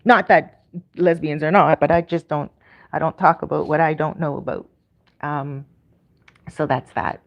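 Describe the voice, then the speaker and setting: In a muffled recording, a woman with a Canadian accent hosts a YouTube livestream, her low voice steady and unhurried with long pauses. She chats casually, upbeat and rambling, full of ums and restarts.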